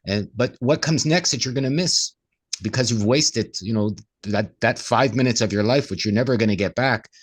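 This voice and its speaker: A man's voice: mid-range voice, normal speed, breathy edge. A man, co-host of a casual discussion, who often acts out inner voices in quoted asides.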